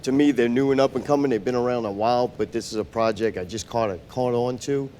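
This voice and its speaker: A man's voice: medium pitch, quick pace, mellow, a little hiss or hum. A man chatting as a podcast guest about booking shows, blunt and wry with a self-mocking streak. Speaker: podcast guest, show booker. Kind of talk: casual interview chat.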